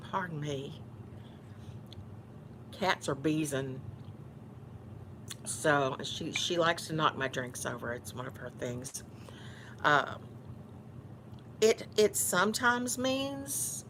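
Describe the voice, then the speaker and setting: A woman's voice: deep voice, expressive, takes it slowly, long pauses, noisy background. A woman from Houston with a Texan Southern accent, chatting casually while eating on camera, teasing and mock-bossy. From Houston, Texas. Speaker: YouTuber.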